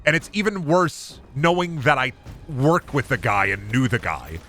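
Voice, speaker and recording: A man's voice: medium pitch, lively intonation, moderate pace, pushed and bright, a little hiss or hum. A man streaming a video game, chatting and swearing casually, often with an upward inflection. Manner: chatty, rambling, swears freely. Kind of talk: casual gameplay commentary.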